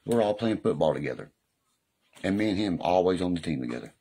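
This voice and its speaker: Man, very low voice, gravelly, husky, rambling, cusses a lot, casual live-stream talk. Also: animated, fast talker, warm tone. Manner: rambling, profane, keeps asking "you know what I mean". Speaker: livestreamer. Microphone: phone or webcam on a live stream.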